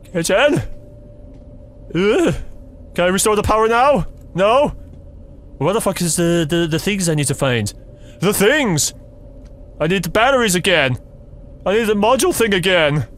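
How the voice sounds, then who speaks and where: A man's voice: sits high, fairly bright tone. Jumpy, sarcastic young man gaming. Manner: sarcastic, swearing, talking to the game; jumpy, yelps and nervous laughs. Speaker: gaming streamer. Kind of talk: horror game commentary.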